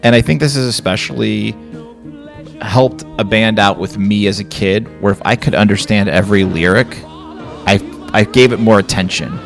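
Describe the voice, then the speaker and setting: Low-voiced Chicago-accented man rambling. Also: moderate pace, vocal fry, soft background music. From Chicago area. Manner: rambling, many restarts and fillers. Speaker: podcast co-host. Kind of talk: casual chat.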